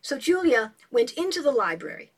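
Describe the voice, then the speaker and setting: A woman in a casual book discussion, retelling a novel as an animated storyteller and reading passages aloud. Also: high-pitched, moderate pace, slightly rough.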